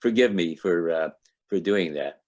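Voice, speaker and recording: A man's voice: low voice, measured pace, a little mellow. A man in his eighties from Ohio, a guest speaker reminiscing and telling a joke, rambling on tangents with many fillers, over a video call. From Toledo, Ohio.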